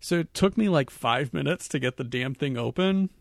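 A man co-hosting a casual movie chat, laid-back and rambling, with hesitant pauses. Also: mid-range voice, lively intonation, vocal fry, no room sound, studio quality. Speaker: podcast co-host.

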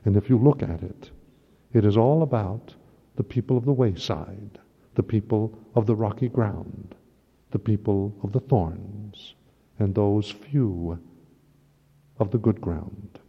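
Impassioned preacher in an echoing church. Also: male voice, fairly low pitch, slow, gravelly, breathy edge. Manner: impassioned, rising to emphatic peaks. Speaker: priest. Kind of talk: sermon. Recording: dull lo-fi recording in a long-reverb hall.

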